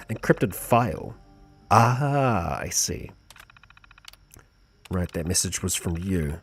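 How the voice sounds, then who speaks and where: A man's voice: lowish voice, slow, slightly rough. A man streaming a video game, chatting casually and thinking aloud as he plays. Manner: relaxed, chatty, thinking aloud, chuckles between lines. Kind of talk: casual gameplay commentary.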